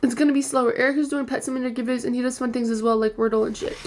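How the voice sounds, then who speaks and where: High-voiced young woman venting on stream. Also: fairly even intonation, rapid-fire, darkish tone. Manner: frustrated, swearing, rambling.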